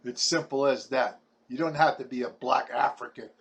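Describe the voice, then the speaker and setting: A man's voice: medium pitch, moderate pace, fairly bright tone. A man, delivering a blunt, combative ranting monologue full of stumbling restarts. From Brooklyn, New York. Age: 70s. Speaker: vlogger.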